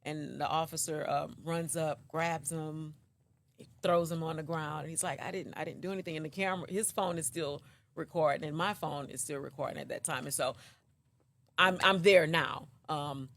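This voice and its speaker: A woman, the mother of a young man, recounting in an interview what happened, with many pauses and restarts. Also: sits low, fairly even intonation, fairly bright tone. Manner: halting, many ums and restarts. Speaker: mother of the accused.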